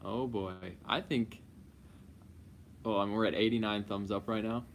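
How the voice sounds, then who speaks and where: A man's voice: fairly low pitch, steady tone, unhurried, slight background noise. A man co-hosting a live couple's Q&A, casual and teasing as he runs the chat. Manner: playful, teasing, running the stream.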